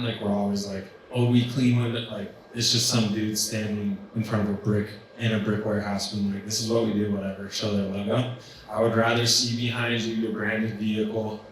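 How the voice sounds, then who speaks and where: A man's voice: on the low side, a bit bright. A man coaching a room of business owners in a loose, conversational way, full of ums and likes. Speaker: business coach presenting at a trade event. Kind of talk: casual workshop presentation. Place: large event room with an audience. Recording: very echoey hall, distant mic, faint hiss.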